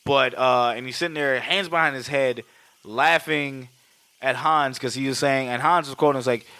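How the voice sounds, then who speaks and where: A male podcast co-host recaps a film in casual chat, rambling and swearing freely. His voice is bright and forward, recorded close and dry. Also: medium pitch, normal speed, clear, resonant tone, dry recording. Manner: rambling, profane, animated retelling.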